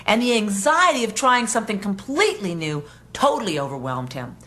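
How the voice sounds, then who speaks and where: A woman's voice: medium pitch, very animated, a little fast, fairly bright tone. A woman giving a motivational self-help talk on anxiety, speaking earnestly in a conversational, storytelling way.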